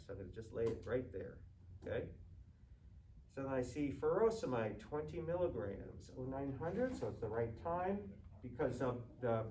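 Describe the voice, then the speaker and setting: In a narrated skills demonstration, a man studying nursing works through a practice medication round at a med cart on a simulated hospital ward, methodically reasoning aloud one step at a time. The off-mic, roomy recording catches his slightly mellow, medium-pitched voice along with faint background noise.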